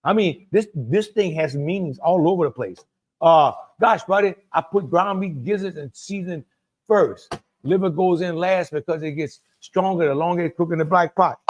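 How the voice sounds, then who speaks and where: A man with a Cajun accent walks viewers through a dish live, talking loosely and circling back on his own phrases. His voice sits a bit higher than most men's. He calls out to people in the chat by name as he cooks. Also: normal speed, muffled recording. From Louisiana. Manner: chatty, repeats himself, talks to viewers by name. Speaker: cooking show host. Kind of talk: live cooking demonstration.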